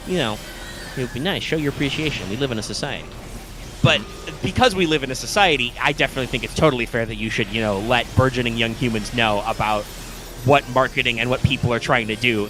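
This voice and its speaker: A young man co-hosting a live stream, chatting casually in a rambling, self-interrupting way with frequent swearing. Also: mid-range voice. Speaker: co-host of a live stream show.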